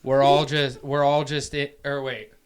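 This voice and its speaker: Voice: mid-range voice, little pitch movement, a little slow. A podcast co-host with a Southern US accent, crude and laughing, swearing freely in casual chat.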